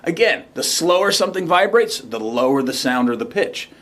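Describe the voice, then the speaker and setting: A man's voice: fairly high pitch, animated, normal speed, heavy background noise. A man hosting a science demonstration show, explaining step by step with enthusiasm. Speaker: science demo host. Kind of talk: upbeat educational demonstration.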